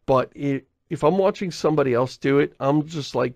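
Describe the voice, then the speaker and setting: A podcast host chatting casually in a rambling, self-interrupting way, often laughing and reading listener mail. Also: male voice, on the high side, brisk, gravelly, hardly any pauses, darkish tone, dry recording. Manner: reads listener mail aloud.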